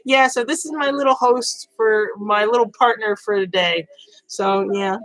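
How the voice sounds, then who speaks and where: A woman's voice: fairly high pitch, unhurried, a bit bright, no room sound, low-quality recording. A woman chatting casually about video games on her vlog, rambling with many fillers and restarts. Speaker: gaming news vlogger. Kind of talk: casual chat.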